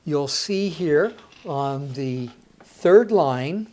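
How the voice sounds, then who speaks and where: Slow-spoken woman teaching music rhythm. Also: deep voice, expressive, darkish tone. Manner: counts beats aloud and chants rhythm syllables; encouraging, plainspoken. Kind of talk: slow, patient music lesson with counting aloud.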